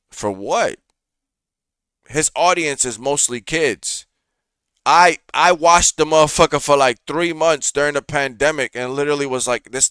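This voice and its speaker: A man hosting a reaction show, ranting through casual, profane commentary full of fillers. His voice is bright and crisp, a little high, and it sits close to the mic in a dry room. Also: no room sound. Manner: profane, animated rant with frequent fillers.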